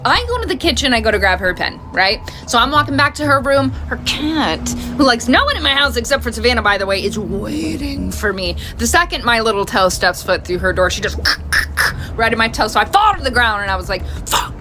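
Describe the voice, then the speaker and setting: A mother telling casual stories about her daughter in an animated, chatty way, laughing as she goes. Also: fairly high pitch, brisk, hardly any pauses, over music. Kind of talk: casual storytime.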